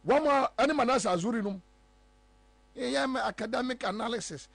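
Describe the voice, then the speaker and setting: A Ghanaian man hosting a political talk show, animated and emphatic, switching between English and Twi. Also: very high voice, a little fast, vocal fry, no room sound. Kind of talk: political commentary.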